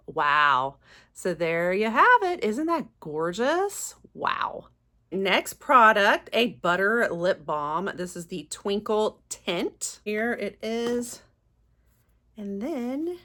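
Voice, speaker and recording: A woman's voice: medium pitch, sharp tone. A woman, chatting casually as a beauty vlogger while unboxing, gushing and exclaiming often.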